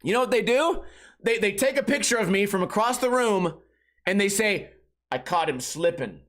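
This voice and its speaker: A man's voice: high-pitched, normal speed. A man hosting a podcast, ranting in a casual comedic style, mocking his critics. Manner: animated, mocking, puts on voices of others, swears freely. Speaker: podcast host. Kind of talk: solo comedic rant.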